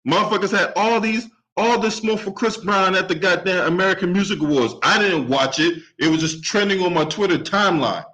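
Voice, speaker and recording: A man's voice: high voice, fairly quick, few pauses, pushed and bright, poor audio. A man delivering an angry solo sports and politics commentary rant, heated and profane, and often tagging his points with a questioning "right?". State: openly angry.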